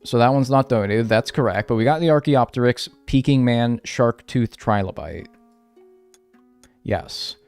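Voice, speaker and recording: A man's voice: medium pitch, a little slow, darkish tone, smooth, no room sound, faint music behind. A man streaming a video game, chatting casually with his viewers and ranting in mock seriousness. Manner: talks to chat, mock-serious rants. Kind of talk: casual livestream chat.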